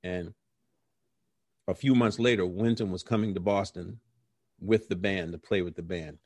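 Low-voiced middle-aged man telling stories. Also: normal speed, husky, no echo. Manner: animated storyteller who acts out quoted voices. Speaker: interview guest, jazz musician. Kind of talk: storytelling in a conversational interview.

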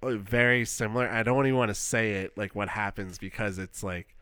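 A man's voice: on the low side, flat delivery, brisk, bright, forceful tone, clean tone, dry recording. A man co-hosting a podcast in casual chat, rambling with lots of fillers and acting out his reactions. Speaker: podcast co-host.

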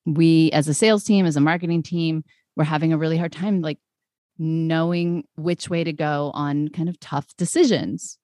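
Low-voiced woman, reflective guest. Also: fairly even intonation, normal speed, warm tone, no echo, studio quality. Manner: reflective, conversational, with frequent "like" and "kind of". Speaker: guest brand strategist. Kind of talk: casual podcast interview.

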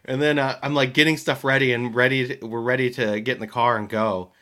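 A man co-hosting a podcast, telling a family anecdote in an animated way, laughing easily and acting out quotes. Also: mid-range voice, brisk. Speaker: podcast co-host. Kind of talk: casual storytelling chat.

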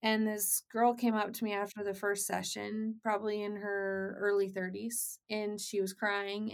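A woman's voice: medium pitch, vocal fry. A woman in her forties hosting a podcast, telling stories earnestly and asking questions. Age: 40s. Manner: earnest storytelling, quoting others. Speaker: podcast host. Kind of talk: conversational interview.

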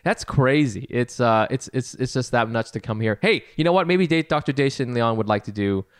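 A man's voice: medium pitch, expressive, brisk, clean tone, no room sound, studio quality. A man co-hosting a casual comedy podcast, rambling, laughing often, swearing and acting out what people said. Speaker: podcast co-host.

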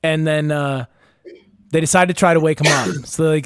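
A man's voice: on the high side, normal speed, a bit bright, clear, resonant tone, no echo, clean studio sound. Rambling, swearing young man telling a story. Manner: rambling, profane, laughing, many fillers and restarts. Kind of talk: casual storytelling chat.

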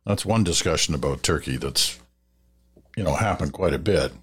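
Low-voiced guy doing a radio listener-mail bit, measured, kinda advisory, some ums. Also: a bit bright, husky. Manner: measured, advising, with fillers and restarts. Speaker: radio host reading listener letters. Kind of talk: conversational radio commentary.

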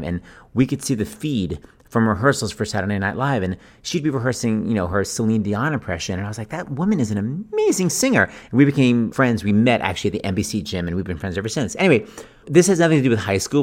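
A man in his fifties hosts a podcast, telling chatty, anecdotal stories in a lively voice that swoops up and down. He acts out the people he quotes with big exclamations, and his voice is lowish.

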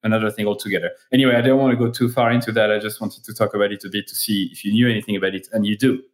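A man's voice: fairly low pitch, fairly even intonation, rapid-fire, reverberant. A man hosting a marketing podcast in casual interview chat, playful and self-deprecating and heavy on fillers. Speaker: podcast host.

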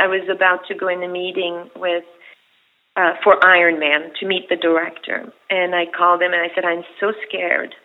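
A woman actress guest telling animated, rambling stories full of fillers. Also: medium pitch. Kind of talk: casual storytelling. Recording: tinny phone-like sound.

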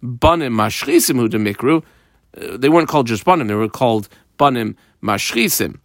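A man at an ordinary middle pitch teaches a Talmud lesson line by line. He translates each phrase and explains it, stopping often on ums and uhs. The recording is dry and close with no room sound. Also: expressive, a little fast, no room sound.

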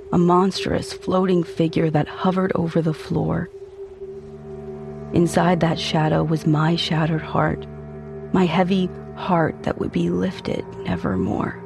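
A man narrating a dark first-person story in an intense, brooding, theatrical way. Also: a little high, gravelly.

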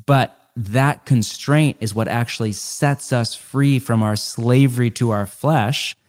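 A middle-aged man, a guest author in a podcast interview, explaining ideas earnestly and stacking them in quick lists. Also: mid-range voice, darkish tone.

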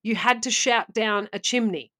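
Chatty woman, fairly high voice. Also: moderate pace, sharp tone. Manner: chatty, laughs mid-story, self-mocking. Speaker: podcast co-host. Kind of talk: casual chat and storytelling.

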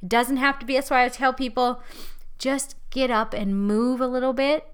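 A woman preaching a sermon in a lively, conversational way, laughing as she talks. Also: sits high, moderate pace, clean tone.

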